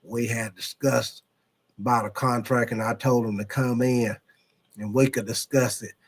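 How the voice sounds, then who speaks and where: A man doing an impression of an older team owner, talking in a slow, halting, folksy drawl. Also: mid-range voice, steady tone, slightly rough, pitched below the performer's own voice. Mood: explaining.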